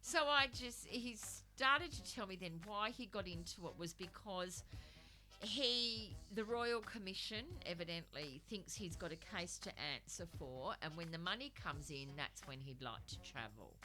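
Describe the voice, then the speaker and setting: A middle-aged woman tells a story as a radio guest, laughing often and swearing freely. Her voice is bright and on the lower side, with lively swings in pitch as she acts out her thoughts. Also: measured pace, faint music behind. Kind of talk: casual storytelling chat.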